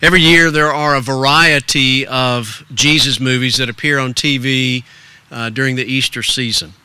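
An older man, a pastor, preaching an earnest sermon in a storytelling way. He drops to soft hushes, then rises with stirring emphasis. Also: medium pitch, fairly even intonation, normal speed, clear, resonant tone, no echo.

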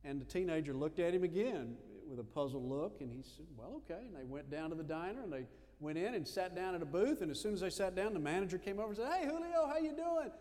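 A man delivers a sermon and tells a story with animated energy. His voice sits a little high for a man. It rings out with a long reverb, as if he is in a large hall. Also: quick pace, few pauses. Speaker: preacher.

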